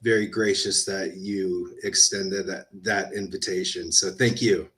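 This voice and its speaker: A man joining a podcast stream as a guest, modest and good-humoured, laughing easily and speaking a little haltingly. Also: low voice, steady tone, a bit bright. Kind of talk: casual interview chat.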